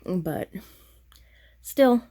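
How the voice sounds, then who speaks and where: A woman chatting about her stitching in a casual vlog. Her voice is throaty and flat, and she talks in a rambling, self-deprecating way that keeps apologizing for itself. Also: extremely slow, dry recording. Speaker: cross-stitch vlogger. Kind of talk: casual show-and-tell chat.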